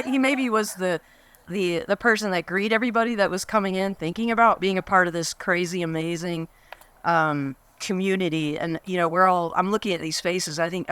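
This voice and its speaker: A woman's voice: fairly low pitch, a bit bright, clear, resonant tone. A woman in her fifties giving a fond, rambling reminiscence at a memorial gathering. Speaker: memorial speaker. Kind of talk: reminiscing speech.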